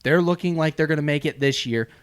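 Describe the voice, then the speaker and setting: A man's voice: on the high side, fast talker. A man co-hosting a casual sports podcast, talking with enthusiasm. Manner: enthusiastic, lively intonation. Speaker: podcast co-host.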